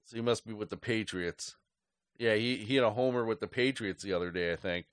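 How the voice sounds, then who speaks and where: A sports podcast host with a lowish voice talks a little fast as he rants angrily on his fan show, swearing heavily and rambling without a script. The recording is dry and studio quality.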